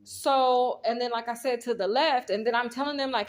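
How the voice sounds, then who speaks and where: A woman's voice: a little high, normal speed, hardly any pauses. A woman, casually telling a story while reading tarot cards, rambling and speaking straight to her viewers. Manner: rambling, talks straight to viewers, retells scenes quoting herself. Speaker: tarot reader.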